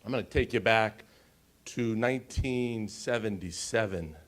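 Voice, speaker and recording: A man in his forties telling his personal story on a conference stage, emotional and pausing, often asking the audience questions. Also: fairly low pitch. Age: 40s. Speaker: conference speaker.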